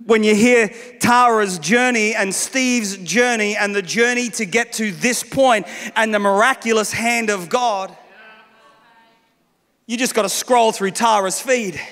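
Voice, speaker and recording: A male pastor preaching a lively, humorous sermon on a church stage, acting out voices as he speaks. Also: high-pitched, unhurried. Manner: animated, humorous, acts out voices. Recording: long reverb of a large hall.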